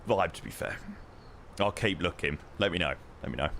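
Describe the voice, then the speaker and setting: A young man streaming a flight simulator, chatting with viewers in an excitable, talkative way. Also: low voice, a little fast, a little hiss or hum. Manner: excitable, chatty, reacts loudly and greets viewers. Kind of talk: live-stream chat while playing a flight simulator.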